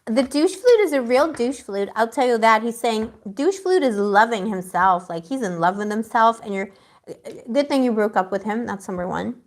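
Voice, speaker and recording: A woman with a somewhat high voice gives a live tarot reading to her viewers. She talks in a chatty, slangy, emotional way. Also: expressive, moderate pace. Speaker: tarot reader.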